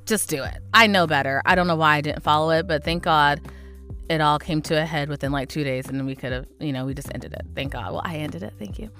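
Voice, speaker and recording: Animated, exasperated woman podcast host. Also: low-pitched, brisk, faint music behind. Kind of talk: casual storytelling monologue.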